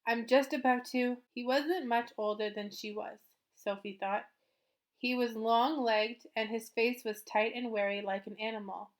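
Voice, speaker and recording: A woman's voice: a little high, fairly even intonation, a little slow. Woman reading a children's novel aloud. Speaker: storybook reader.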